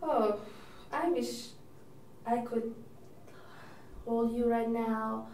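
Actress as a fretful, self-absorbed divorced sister; fairly high voice, faint room noise, distant mic. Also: female voice, fairly even intonation, very slow, a little mellow, roomy sound. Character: chatty divorced older sister, neurotic and doting. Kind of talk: audition monologue.

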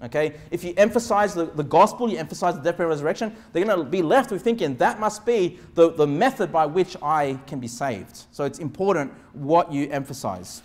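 A man preaching as pastor, with quick asides and sudden shouted lines. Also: a little high, animated. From Australia. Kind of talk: sermon.

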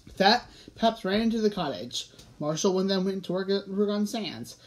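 A woman's voice: mid-range voice, lively intonation, moderate pace, rough recording. A woman reading her own typed-out story aloud. She stumbles over words and corrects herself as she goes. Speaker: reader.

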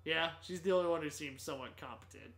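Male co-host, deadpan sarcasm, easygoing casual chat, voice sits a bit high. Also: fast, gravelly. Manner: dry, sarcastic quips. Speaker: podcast co-host. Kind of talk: casual film review chat.

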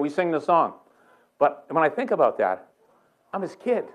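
An older man with a Boston accent, preaching a sermon in a church in a joking, conversational way with quick asides. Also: on the high side, sing-song, lo-fi sound. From Boston area. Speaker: guest preacher. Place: church sanctuary.

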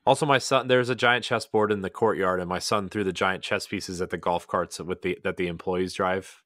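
Deep-voiced man chatting on a podcast. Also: fairly even intonation, moderate pace, fairly bright tone, dry recording, clean studio sound. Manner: rambling, many "like"s and restarts. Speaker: podcast co-host. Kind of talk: casual podcast chat.

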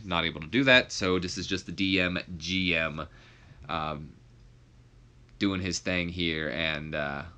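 Bright-voiced young man, casual game commentary. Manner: laid-back, jokey, swings up high when exasperated. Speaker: YouTuber playing a wrestling sim.

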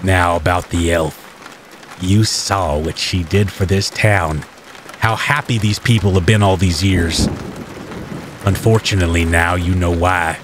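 A man voicing a sinister older captor who guards a killer elf, speaking low, slow and calmly menacing. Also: background noise. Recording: faint rain bed behind the voice.

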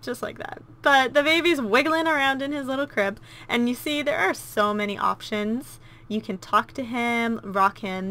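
A woman's voice: on the high side, moderate pace, sharp tone. A woman hosting a let's play, chatting casually and gushing as she comments on her gameplay. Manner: gushing and cooing, easily delighted.

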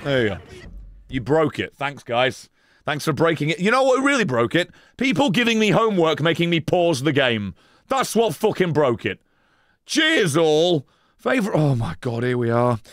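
A man commentates a live game stream, his fairly high voice swooping up and down in lively bursts. He rants at his chat with a steady stream of curses and exasperation. The sound is close and dry, with no room around it. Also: moderate pace, dry recording. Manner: profane, exasperated ranting at chat.

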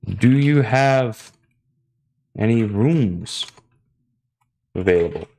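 A man voicing a weary male traveler with a drawn-out, pleading delivery. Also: fairly low pitch, expressive, warm tone, slight background noise, exaggerated voice.

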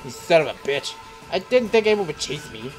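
Goofy, excitable man with a lively voice. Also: fairly high pitch, brisk, soft background music. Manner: joking, profane, yelps and shouts when chased. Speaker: let's play host. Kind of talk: casual horror gameplay commentary.

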